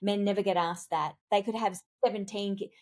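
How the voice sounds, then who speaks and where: A woman speaking as a communications expert and executive coach in a podcast interview, telling stories in an animated, emphatic way with big leaps in pitch. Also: a little fast. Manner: animated, emphatic storytelling with wide pitch jumps.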